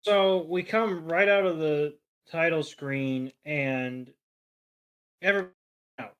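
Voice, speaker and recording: A man on a podcast, recapping a cartoon in an animated way, swearing freely and acting out characters' lines. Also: on the high side, slow, smooth, highs cut off. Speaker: podcast co-panelist. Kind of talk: casual episode recap.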